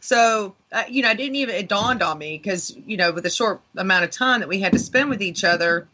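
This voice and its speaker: Bright-voiced woman telling a ghost story. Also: medium pitch, brisk. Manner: rambling, animated retelling with lots of fillers. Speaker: paranormal investigator guest. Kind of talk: casual storytelling on talk radio.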